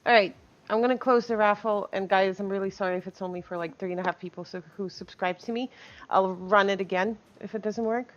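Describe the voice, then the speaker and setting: A woman's voice: mid-range voice, fairly even intonation, a little fast, lo-fi sound. A woman streaming live, chatting casually with viewers, reading chat aloud and laughing often.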